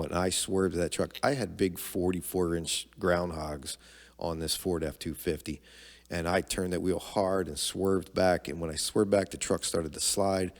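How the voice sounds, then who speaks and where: A man's voice: low voice, big-room sound. A middle-aged man telling a personal story to his son on a podcast, candid and conversational, acting out the quoted dialogue. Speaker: podcast guest, father of the host.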